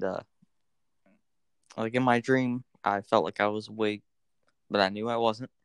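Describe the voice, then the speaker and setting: A man's voice: on the low side, clean tone, dry recording. A man chatting casually as a podcast guest, telling stories loosely with lots of fillers. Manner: loose, filler-heavy storytelling. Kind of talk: casual chat.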